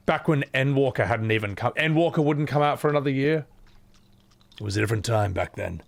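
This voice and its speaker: A man's voice: medium pitch, fairly quick, vocal fry. A man with a put-on Scottish accent, live-streaming a horror game and chatting casually with viewers, swearing freely and thanking chat. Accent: exaggerated put-on Scottish.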